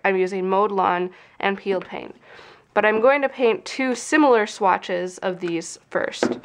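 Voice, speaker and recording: A young woman with a stuffy, nasal voice from a cold, chatting casually as she explains a craft tutorial step by step. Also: mid-range voice. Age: young adult. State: congested from a cold. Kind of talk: casual how-to narration.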